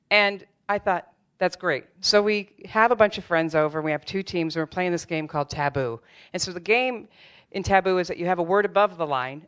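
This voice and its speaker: Clear-voiced woman telling a wry story. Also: on the low side. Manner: candid, wry, self-deprecating humor. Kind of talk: live storytelling on stage. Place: theater stage before a live audience.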